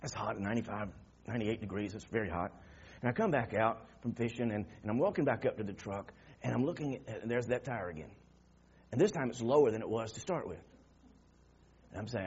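A man preaching a sermon, telling a story that swings from quiet murmurs to loud shouting. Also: mid-range voice, fast, slightly rough, highs cut off.

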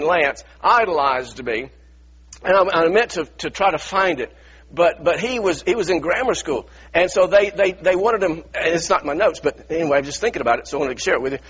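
A middle-aged pastor preaching a sermon in a church, earnest and repetitive, stumbling over restarts and firing rhetorical questions. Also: male voice, on the high side, fairly bright tone, lo-fi sound, slight background noise.

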